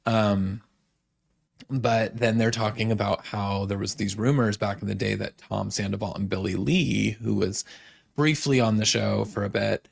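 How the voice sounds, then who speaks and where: A man's voice: fairly low pitch, steady tone, a little slow, gravelly. A man hosting a podcast, chatting casually through a reality show recap and quoting people as he goes. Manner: chatty, many fillers and quoted asides. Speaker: podcast host.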